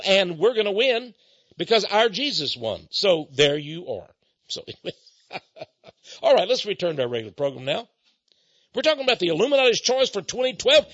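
Lively, husky-voiced preaching radio man. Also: dry recording, lo-fi sound. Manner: impassioned, preaching, swings between loud outbursts and low asides. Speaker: radio talk show host.

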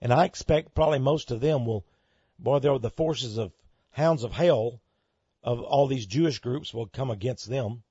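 A man's voice: medium pitch, moderate pace, mellow, husky, no room sound, highs cut off. A man with a Texan accent hosting a radio talk show, delivering an emphatic, sarcastic monologue. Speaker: radio host.

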